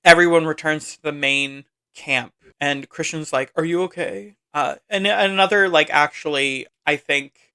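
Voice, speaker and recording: A man's voice: fairly high pitch, bright, forceful tone, clear, resonant tone. A man hosting a podcast, chattily recapping a film with lots of asides and "like.". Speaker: podcast host.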